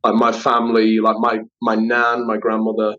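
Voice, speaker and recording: A man's voice: on the low side, monotone, normal speed, bright, forceful tone. Chatty man telling stories. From Liverpool, England. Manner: chatty storyteller, acts out quoted voices, many fillers. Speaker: actor and writer, guest. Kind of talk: casual interview chat. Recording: slightly dull lo-fi sound.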